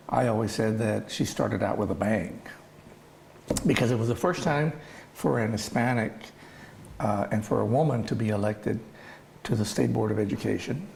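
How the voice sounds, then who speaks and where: An older man recalls events from years ago in a low, gravelly voice. He speaks in a measured way, and a faint hiss sits behind him. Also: darkish tone. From South Texas. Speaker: oral history interviewee. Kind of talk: reminiscing storytelling.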